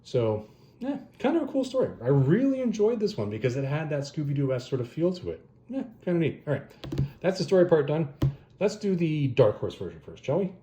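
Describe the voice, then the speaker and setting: A man casually retelling a fantasy story and reviewing comic adaptations, rambling and animated, correcting himself as he goes. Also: on the high side, a little fast, a little hiss or hum. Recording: roomy echo.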